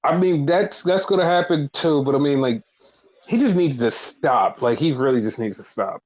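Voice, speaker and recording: A man's voice: on the high side, moderate pace, poor audio. Swearing, rambling man on a wrestling podcast. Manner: rambling, swears often, animated retellings. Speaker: podcast co-host. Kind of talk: casual wrestling chat.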